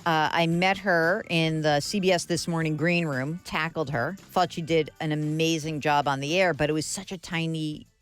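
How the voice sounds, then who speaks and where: A woman's voice: deep voice, steady tone, moderate pace, few pauses, soft background music. A woman hosting a radio interview in a studio, chatty and enthusiastic, with frequent fillers. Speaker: radio show host. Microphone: studio microphone.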